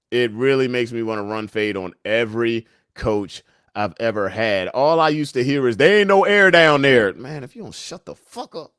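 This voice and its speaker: A young man hosts a laid-back livestream, reading chat messages and memes aloud while joking and laughing often. His medium-pitched voice is captured with clean studio sound and no room echo.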